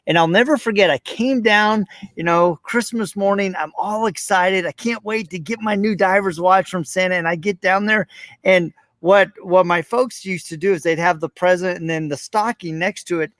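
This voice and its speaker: A man's voice: high voice, normal speed, no echo. A man hosting a podcast interview, telling a personal story and acting out his younger self with rising emotion. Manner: animated storyteller, reenacts childhood moments with rising emotion. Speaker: podcast host.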